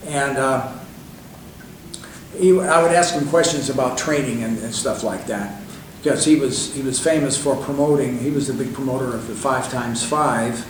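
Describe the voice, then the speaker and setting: A man's voice: mid-range voice, normal speed. An older man, a guest in an interview, telling long anecdotes in a loose, conversational way with many fillers and restarts. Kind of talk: rambling anecdotal storytelling. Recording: echoey room, distant mic, faint hiss.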